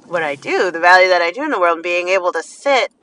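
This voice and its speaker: A woman talking from inside a car in a casual motivational monologue, animated and acting out quotes. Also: fairly low pitch, fast talker, low-quality recording. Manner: animated, acts out quotes in lively voices.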